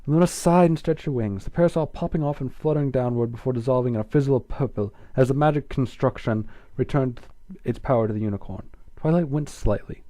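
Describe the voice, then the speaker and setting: A man's voice: mid-range voice, fairly quick, mellow, dry recording. A man reading fan fiction aloud in a casual way, stumbling over words and breaking off for self-deprecating asides.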